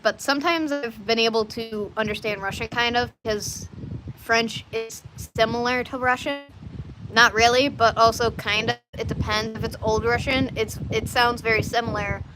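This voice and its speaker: A woman's voice: a little high, fairly even intonation, normal speed, background noise. A woman chatting casually to her live audience, rambling through stories with frequent restarts and asides. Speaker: livestreamer.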